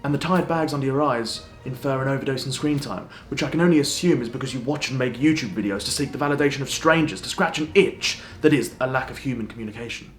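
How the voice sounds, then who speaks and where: A man doing a smug, pompous young detective who lectures everyone with condescending, theatrical deductions. His voice sits at a middling pitch. It sounds like a comedy sketch recorded in an echoey room. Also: fast, hardly any pauses, faint music behind, close to an everyday voice. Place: indoors in a flat.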